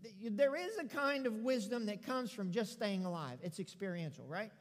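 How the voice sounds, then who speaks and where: A man's voice: sits high, lively intonation, normal speed. A man preaching a sermon as pastor, calling on the congregation to respond and acting out scripture scenes in his own words. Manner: call-and-response preaching, dramatic paraphrase. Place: church sanctuary. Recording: long hall reverb.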